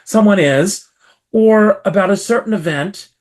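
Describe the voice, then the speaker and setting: Slightly slow and high-voiced, a male performer from South Carolina shares his story as an interview guest, leaning into lively theatrical stress.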